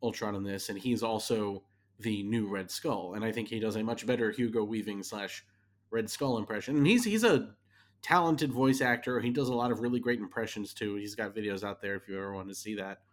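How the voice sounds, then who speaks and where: A man's voice: fairly low pitch, fairly even intonation, fairly quick. A man co-hosting a podcast. He talks casually and candidly about a show he watched, often restarting his sentences. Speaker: podcast co-host. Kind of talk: casual chat reviewing a show.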